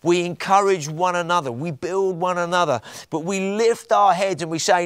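A man's voice: sits high, moderate pace, hardly any pauses, a bit bright, clear, resonant tone, no room sound. A man preaching a sermon with passion, building to emphatic peaks.

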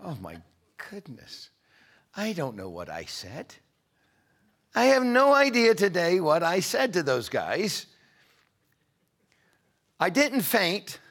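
Man preaching with lively swings. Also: sits high, slow, pauses often. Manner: dramatic swings from loud preaching to hushed storytelling. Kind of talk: sermon.

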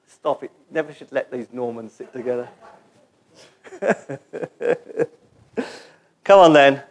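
A man preaching a sermon in a church gathering, animated and joking as he leads the congregation in call-and-response. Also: medium pitch, slow pace.

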